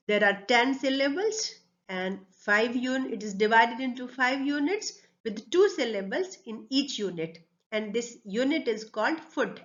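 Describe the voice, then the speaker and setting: A woman's voice: mid-range voice, dull audio. A woman with an Indian accent, an English lecturer giving a classroom lecture, explaining step by step with frequent fillers and mixing English with Hindi.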